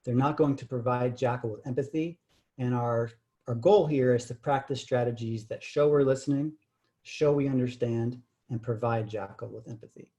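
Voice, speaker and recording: A male communication trainer delivers a workshop lecture in a warm, relaxed voice at a medium pitch. He explains step by step and often checks in with the room using tag questions. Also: normal speed.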